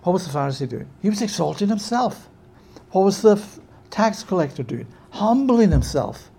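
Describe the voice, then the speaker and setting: A man preaching a sermon with emphasis, often checking in with his listeners with a quick "yeah?". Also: high voice, big pitch swings, gravelly, warm tone, slightly rough.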